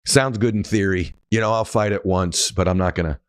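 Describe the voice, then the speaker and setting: A man voicing his older father facing cancer, speaking in a deep voice with a plain, earnest, fatherly manner. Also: brisk, no room sound, natural voice. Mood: tender.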